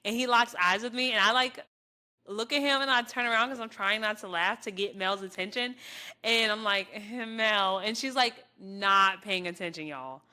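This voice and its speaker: Brief: woman, young adult, podcast co-host, animated storyteller with a bright, clear edge. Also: mid-range voice, moderate pace. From southern Virginia, US. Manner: animated storyteller, addresses listeners as y'all. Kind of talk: casual chat.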